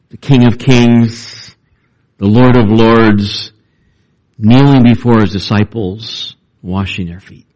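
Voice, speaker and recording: A man preaching a sermon as pastor, reading scripture and talking it through with lively emphasis. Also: lo-fi sound. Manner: animated, acts out quoted voices with rising pitch.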